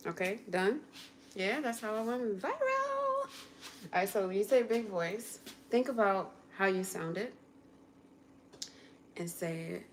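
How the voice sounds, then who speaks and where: A woman chatting casually on a livestream from her kitchen while cooking, coaching viewers step by step through a quick singing lesson in an encouraging way. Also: mid-range voice, sing-song, a little hiss or hum. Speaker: content creator and vocal coach.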